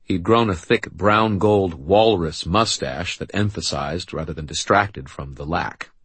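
A man narrating a novel in the first person with a dry, wry, deadpan delivery. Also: low-pitched, unhurried, husky, no room sound. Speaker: audiobook narrator.

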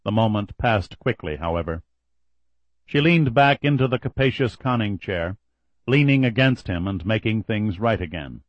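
A man reading a novel aloud in a measured, even storytelling manner. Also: on the low side, no room sound, muffled recording. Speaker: audiobook narrator. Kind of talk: scripted narration.

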